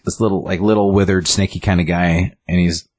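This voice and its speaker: A deep-voiced man talking casually about a comic book, rambling and filling his talk with likes and ums. The sound is dry and close, like a small room. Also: steady tone, fairly quick, no room sound. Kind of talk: casual chat.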